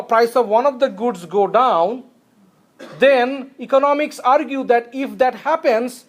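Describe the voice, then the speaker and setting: A man's voice: extremely high pitch, distant mic. A man giving an economics lecture. He repeats the key points, checks that everyone follows, and coughs now and then. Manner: occasional coughs. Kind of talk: recorded classroom lecture. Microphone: tablet screencast recording. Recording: roomy echo, voice away from mic.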